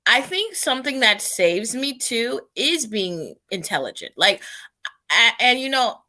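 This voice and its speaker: A young woman from New York talks as a guest over a video call. Her voice is high and bright, and she thinks aloud in a reflective, searching way. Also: sing-song, unhurried. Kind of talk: casual conversation.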